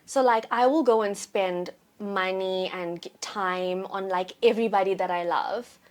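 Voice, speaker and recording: A woman's voice: medium pitch, measured pace. A young woman co-hosting a casual podcast, speaking candidly and emphatically about herself. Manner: candid, emphatic, laughs easily. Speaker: podcast co-host. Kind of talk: casual chat.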